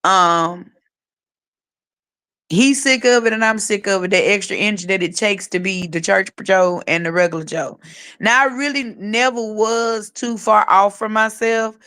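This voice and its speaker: A woman's voice: medium pitch, measured pace, a bit bright, clean tone. A middle-aged woman co-hosting a casual podcast about faith, speaking frankly in a testifying, storytelling way. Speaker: podcast co-host.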